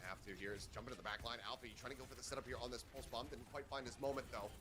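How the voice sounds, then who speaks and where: A man casting an esports match play by play, calling the action rapidly and excitedly. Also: medium pitch. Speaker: esports caster. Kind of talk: play-by-play commentary. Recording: broadcast feed with crowd noise.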